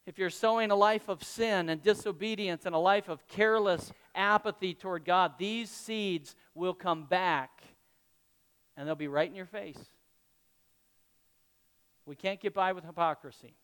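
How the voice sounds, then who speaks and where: A man's voice: sits high, unhurried, fairly bright tone, smooth, long reverb tail. A male pastor preaching a sermon to his congregation, talking conversationally and tossing questions to the room. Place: church hall with congregation.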